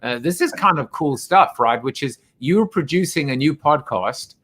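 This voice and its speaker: A man's voice: mid-range voice, animated, normal speed, a bit bright. A man hosting a podcast interview in a casual, joking way. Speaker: podcast host.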